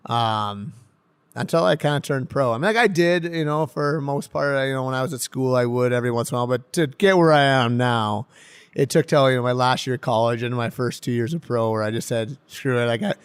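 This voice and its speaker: A man, a professional hockey player, telling stories in a casual podcast interview, laughing often and getting loud when excited. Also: medium pitch, a little fast, clear, resonant tone. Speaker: pro hockey defenseman guest.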